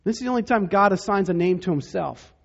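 Pastor guy preaching, husky voice, kinda dull lo-fi recording, goes quiet and slow for the big points. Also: high-pitched, expressive. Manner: dramatic, drops to a hush for emphasis. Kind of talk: sermon.

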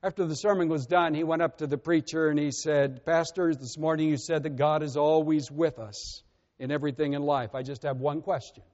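A man preaching a sermon as pastor, earnest and measured, often letting his voice sink softly at the ends of phrases. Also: on the high side. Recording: muffled with long reverb.

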